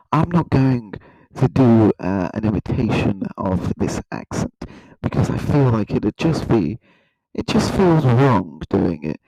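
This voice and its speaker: A man's voice: mid-range voice, vocal fry, mellow, dry recording, poor audio. A man hosting a satirical comedy video, rambling in a mock-serious way and often tripping over his words. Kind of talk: satirical monologue to camera.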